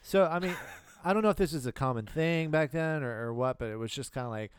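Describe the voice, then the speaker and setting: A man co-hosting a casual movie review podcast, halting and full of questions and fillers. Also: on the high side, clean tone, dry recording, studio quality. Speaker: podcast co-host.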